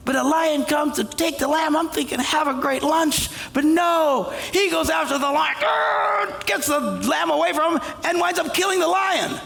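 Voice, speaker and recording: A man preaching a comedic sermon, retelling a story with jokes and suddenly shouting the characters' lines. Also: extremely high pitch, moderate pace, creaky, hardly any pauses, big-room sound. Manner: animated, jokey, acts out characters with shouted quotes. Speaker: pastor. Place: church auditorium.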